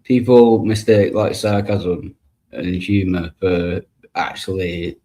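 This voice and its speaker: A man with a low, mellow voice speaks slowly and easily. He chats casually and laughs along with the others. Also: steady tone. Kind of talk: casual chat.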